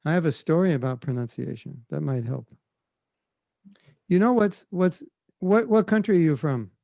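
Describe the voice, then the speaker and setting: Relaxed male spiritual teacher, conversational storyteller, slightly raised pitch, dry close mic. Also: moderate pace, creaky, dry recording. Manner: relaxed, conversational, demonstrates chanting. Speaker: spiritual teacher answering questions. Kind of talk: storytelling Q&A on a video call. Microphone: video call.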